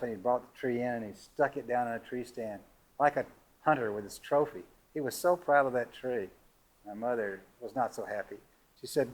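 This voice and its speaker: An older man from Georgia telling a personal story to listeners, lively and laughing, his voice rising high at the funny moments. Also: rough recording. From Georgia, USA.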